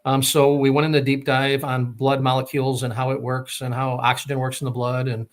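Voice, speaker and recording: Fast-talking man telling a story. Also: mid-range voice, little pitch movement. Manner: rambling, many fillers and restarts. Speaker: guest telling his story. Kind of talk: casual storytelling.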